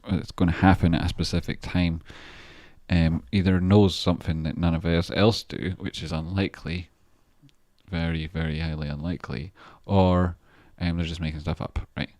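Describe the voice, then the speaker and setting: Low-pitched and level, with a darkish tone and moderate pace, a trader and channel host rambles through stock charts on a casual live stream, occasionally swearing. The recording is dry, with clean studio sound.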